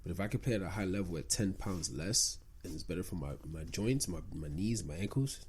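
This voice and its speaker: A man's voice: low voice, animated, fairly quick, a little hiss or hum. A young man, a basketball player, chatting as a podcast guest in a laid-back way, often trailing off and restarting his sentences. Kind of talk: casual chat.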